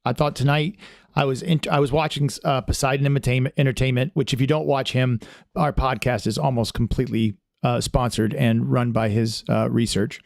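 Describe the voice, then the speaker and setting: Gravelly-voiced man hosting a chatty podcast. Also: medium pitch, steady tone, fairly quick, a little mellow, no room sound, studio quality. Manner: rambling, with many restarts and fillers; friendly, chatty. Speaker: podcast host. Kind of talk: casual podcast chat.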